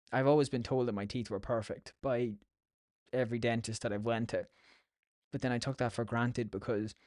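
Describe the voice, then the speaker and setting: A man's voice: mid-range voice, darkish tone, no echo, studio quality. An Irish man hosting a podcast, telling stories in a casual, rambling, sweary way. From Ireland. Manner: sweary, chatty storytelling. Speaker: podcast host.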